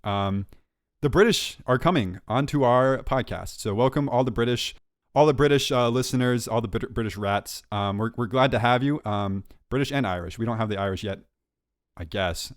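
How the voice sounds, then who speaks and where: A man co-hosting a podcast in casual chat, telling absurd made-up stories deadpan. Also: on the low side, no room sound, studio quality. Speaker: podcast co-host.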